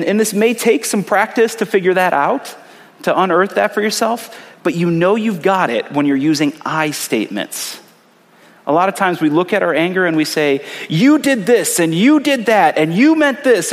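A man's voice: high-pitched, long reverb tail. A man preaching a sermon in an earnest, conversational way, repeating short phrases for emphasis. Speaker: pastor.

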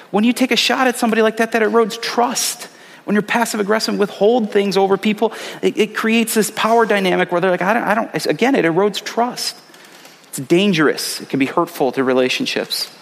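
A man's voice: high-pitched, vocal fry, long reverb tail. A man preaching a sermon in an earnest, conversational way, repeating short phrases for emphasis. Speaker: pastor.

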